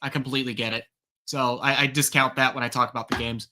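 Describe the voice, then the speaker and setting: A man's voice: medium pitch, flat delivery, quick pace, bright, forceful tone, slight background noise. A man on a stream panel, conceding a point and repeating that he understands. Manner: conceding, repeats himself to agree. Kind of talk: casual panel chat.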